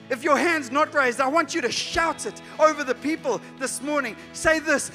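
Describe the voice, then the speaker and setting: A man from South Africa preaching a sermon as a pastor, moving from hushed pleas to loud urgent calls. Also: very high voice, fairly quick, few pauses. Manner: emotional, swings from hushed to shouting. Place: church hall. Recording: church hall reverb with soft music.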